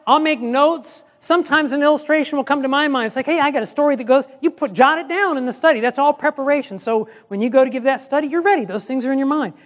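A man's voice: extremely high pitch, a bit bright. A man, a pastor, giving a conversational teaching talk, acting out little scenes of dialogue as he goes. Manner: conversational, acts out quoted dialogue. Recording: long hall reverb.

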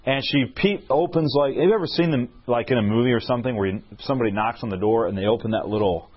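A man preaching a storytelling sermon, animated and often checking in with his listeners with questions. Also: mid-range voice, quick pace, highs cut off.

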